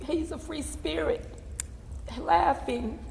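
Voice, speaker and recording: Gravelly-voiced woman, halting, in a hall. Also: sits high, darkish tone, far from the mic. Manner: halting, hesitant replies. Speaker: coaching participant. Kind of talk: emotional on-stage coaching exchange. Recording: echoey hall with faint noise.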